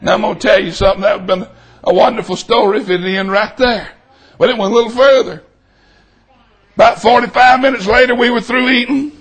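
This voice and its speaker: A middle-aged man preaching a storytelling sermon, shouting for emphasis and then dropping to a hush. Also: high-pitched, fairly even intonation, fast, slightly rough.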